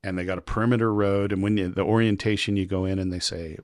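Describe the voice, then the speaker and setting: A man, a podcast guest, telling animated, rambling stories in casual chat. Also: fairly low pitch, fast talker, hardly any pauses, no room sound, studio quality. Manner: rambling, animated anecdotes with quoted voices. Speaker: podcast guest, local publisher.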